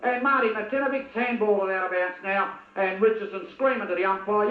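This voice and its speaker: A man with an Australian accent giving excitable, partisan commentary on a local football match and calling out to the players by name. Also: high voice, brisk, echoey room, narrow, tinny audio.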